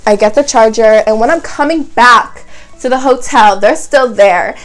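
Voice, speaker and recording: A young woman from Canada telling a casual storytime vlog, animated, with lots of "like" and voiced quotes of other people. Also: fairly high pitch, moderate pace, poor audio. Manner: animated retelling, heavy use of "like", voices other people's lines. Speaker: vlogger.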